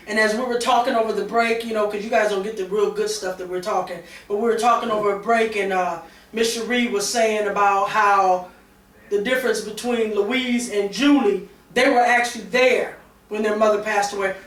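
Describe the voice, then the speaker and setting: A woman's voice: mid-range voice, fairly even intonation, normal speed. A middle-aged woman on a talk show panel, candidly telling a personal story with many fillers and restarts. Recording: roomy sound from a distance.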